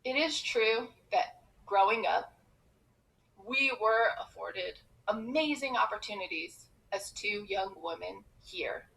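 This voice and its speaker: A comedian from Iran telling a personal story with expressive, quick comic timing. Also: female voice, mid-range voice, creaky, low-quality recording.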